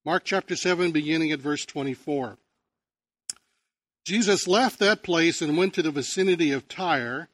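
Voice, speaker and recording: A pastor preaching in a conversational way, telling stories and often restarting phrases. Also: male voice, on the high side, normal speed, a bit bright, dry recording. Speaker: pastor and teacher. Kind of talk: sermon.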